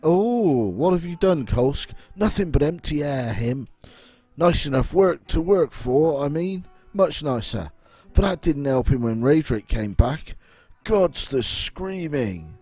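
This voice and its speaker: A panicky former guard on the run, his voice jumping higher and louder than normal, as a man puts him on. He pleads and stammers in fear over faint game music. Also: lively intonation, slow, breathy edge, no echo, exaggerated voice. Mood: frightened. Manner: jittery, breathless, pleading. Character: frightened male ex-guard, terrified fugitive.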